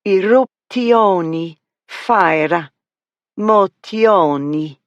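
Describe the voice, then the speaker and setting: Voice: mid-range voice, extremely slow, no room sound, highs cut off, voice pushed up. A narrator voicing a playful young lady who fakes overdone Italian and French accents, drawing out each word. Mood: mock-grand.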